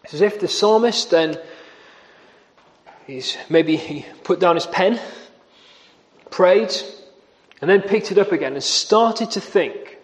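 A man's voice: high-pitched, expressive, slow, pauses often. A man preaching a sermon, earnest and emphatic, repeating key phrases for weight. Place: church. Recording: long reverb of a church hall.

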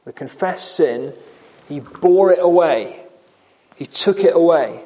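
A man with a high voice delivers an evening sermon and walks through a passage verse by verse. He slows right down on the quoted lines and leans hard on repeated words. At times he drifts back from the microphone. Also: lively intonation, warm tone, muffled recording. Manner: slows and stresses quoted scripture, emphatic repetition. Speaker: preacher. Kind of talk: expository sermon.

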